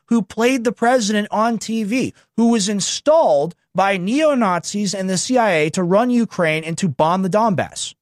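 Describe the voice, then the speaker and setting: A man hosting a show, reacting to news clips with sarcastic, mocking political commentary and telling the producer when to pause. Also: high-pitched, no room sound, clean studio sound.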